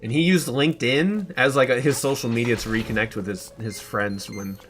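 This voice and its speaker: A man's voice: medium pitch, moderate pace, a bit bright, slight background noise. Chatty young male streamer. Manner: rambling, chatty, laughs often. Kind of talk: casual chat while playing a game.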